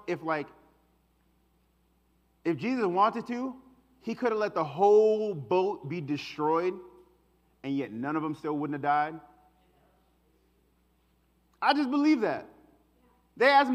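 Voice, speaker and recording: High-voiced man preaching in a reverberant hall. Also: big pitch swings, normal speed, long pauses. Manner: conversational, shifts between hushed and emphatic. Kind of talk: sermon.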